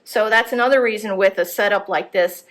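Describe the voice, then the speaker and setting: A woman art instructor gives a live drawing demonstration at a gallery workshop. She thinks aloud as she works, checking and correcting her shapes in a mid-pitched voice. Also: brisk, fairly bright tone.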